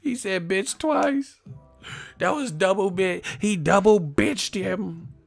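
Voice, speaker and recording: A man's voice: high voice, slow pace, gravelly, voice pushed up, exaggerated voice. An overexcited male rap fan squeals every line far above his normal register, as a man mocks him. He sounds easily impressed and hyped. Faint music plays in the background. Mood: hyped mockery.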